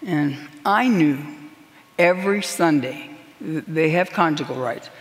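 A woman's voice: low voice, expressive, measured pace. Earnest woman minister, emphatic sermon testimony, long hall reverb. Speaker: prison minister.

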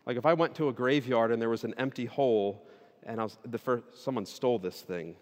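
A man preaching a sermon, casual at first and then animated, building to loud emphatic peaks. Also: medium pitch, a little fast. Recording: long reverb of a hall.

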